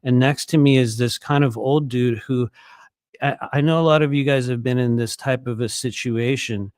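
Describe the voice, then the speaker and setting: A man's voice: medium pitch, steady tone, moderate pace, darkish tone, clear, resonant tone, no echo. A man in his fifties telling a story to his viewers in a casual, rambling way, with many fillers and repeated phrases. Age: 50s.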